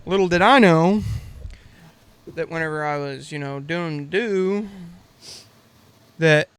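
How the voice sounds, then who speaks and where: Twenties American man, high-pitched, co-host telling rambling anecdotes with laughter. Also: slow, a bit bright, clear, resonant tone. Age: 20s. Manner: rambling storyteller, laughs often. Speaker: podcast co-host. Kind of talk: casual chat.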